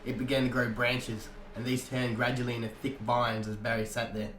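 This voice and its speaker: A man's voice: mid-range voice, little pitch movement, brisk, fairly bright tone, slight background noise. Man narrating a story, echoey room. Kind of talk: audiobook narration. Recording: echoey room, faint guitar music.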